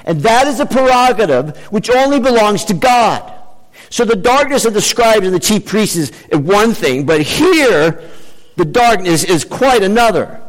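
High-voiced preacher man in a reverberant hall. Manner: animated, emphatic, varies pace for effect. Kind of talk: sermon.

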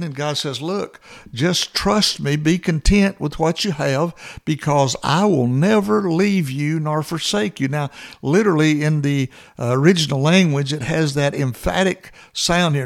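A man's voice: a little high, a little slow, vocal fry. A man preaching a sermon, earnest and exhorting, building to emphatic repeated phrases.

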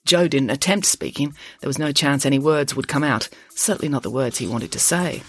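A woman author reading her children's story aloud in an expressive storytelling manner. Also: rumbling low, brisk. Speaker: author and narrator. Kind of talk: audiobook-style story reading.

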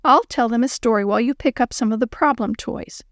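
A woman voicing a patient children's teacher in a storybook, gently instructive. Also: a little high, fairly quick, dry recording, studio quality, close to an everyday voice. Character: calm adult woman children's church teacher.

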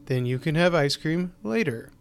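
A patient, firm father talks plainly to his young daughter, as a male storyteller reads his lines. The voice stays close to a slightly higher-than-average man's everyday tone, calm and matter-of-fact. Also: normal speed, vocal fry.

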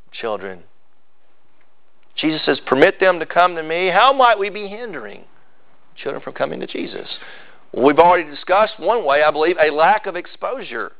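A man preaching a sermon, animated and emphatic, sometimes acting out the people he quotes. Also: on the high side, muffled recording. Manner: animated, acts out quoted voices, rises to loud emphasis. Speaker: pastor.

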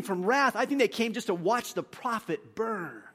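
Animated male pastor preaching a sermon. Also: high voice, normal speed, husky. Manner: animated, acts out quotes with big swings in loudness.

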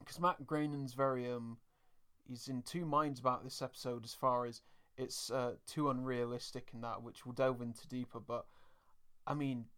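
A man hosts a relaxed podcast chat. He recaps scenes in a loose, chatty way and laughs often. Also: medium pitch, normal speed, clear, resonant tone. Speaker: podcast co-host.

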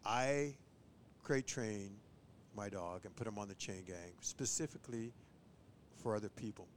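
A man who trains bird dogs, chatting on a podcast and giving tips, who often acts out owners and dogs in a higher voice. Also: measured pace, a little hiss or hum. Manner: animated, mimics owners and dogs in a high voice. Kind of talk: casual podcast chat.

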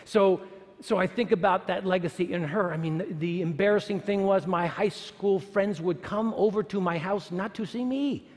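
High-voiced guy preaching to a crowd, lots of questions and repeats, big echoey hall sound. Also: moderate pace. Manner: animated, rhetorical questions, emphatic repetition. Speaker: speaker at a church or university gathering. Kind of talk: sermon-like talk. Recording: long hall reverb.

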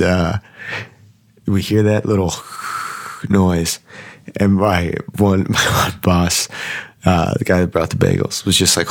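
A man telling a casual spoken anecdote, swearing freely and full of fillers, getting animated when he quotes others. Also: sits low. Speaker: storyteller recounting a workplace mishap.

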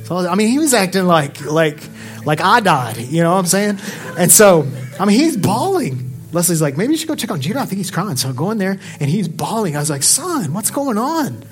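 A man preaching a sermon, swinging from impassioned exhortation to quiet, confiding storytelling. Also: high voice, very animated, brisk, soft background music. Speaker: pastor.

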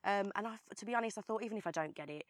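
A young actress with a Birmingham accent chats as a guest in a casual interview, speaking at a racing pace with lots of fillers and restarts. Her medium-pitched voice is captured in studio quality with no echo.

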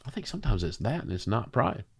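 A man's voice: lowish voice, very animated, quick pace, gravelly, husky. A man hosting a casual faith conversation who jokes with his guest and then slips into preaching. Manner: playful questioner who turns to preaching. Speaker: host.

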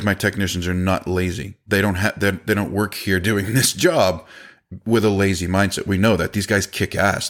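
A middle-aged man, a business owner, talking bluntly in a casual podcast monologue, swearing now and then and acting out what others said. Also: low voice. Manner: blunt, conversational, swears casually, acts out quoted voices.

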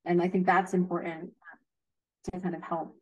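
A woman who teaches young children, giving advice in a thoughtful, gentle way. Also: fairly low pitch, flat delivery, moderate pace, low-quality recording. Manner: thoughtful, gentle, hedging with fillers. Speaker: early childhood educator. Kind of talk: casual advice chat.

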